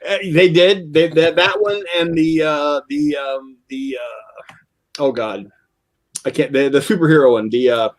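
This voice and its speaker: An older man with a somewhat high voice talks casually on a hobby show. He rambles like a storyteller and keeps trailing off mid-thought. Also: measured pace. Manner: rambling, chatty storyteller who trails off and laughs easily. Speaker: co-host of a model car customizing show. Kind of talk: casual chat.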